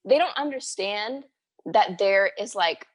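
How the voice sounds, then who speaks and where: A young woman from the Bahamas co-hosting a podcast, chatting in an animated way and saying "like" and "literally" a lot. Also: medium pitch, takes it slowly, slightly rough. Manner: animated, says "like" and "literally" often. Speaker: podcast co-host. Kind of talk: casual chat.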